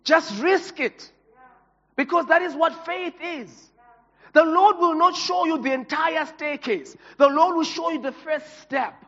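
A man's voice: extremely high pitch, a little slow, pushed and bright. A pastor preaching an emotional, passionate sermon to his congregation. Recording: reverberant hall, dull lo-fi sound.

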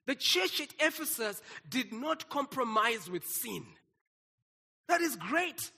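A man's voice: extremely high pitch, sing-song, takes it slowly, creaky, pushed and bright, slightly rough, long reverb tail. A man, preaching a sermon and calling out to his congregation. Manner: exclaims and calls out to the congregation. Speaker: pastor.

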